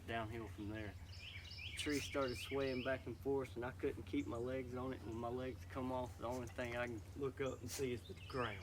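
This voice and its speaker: Man, tower climber, mid-pitched voice, matter-of-fact story, outdoor recording with birds. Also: noisy background. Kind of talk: casual storytelling.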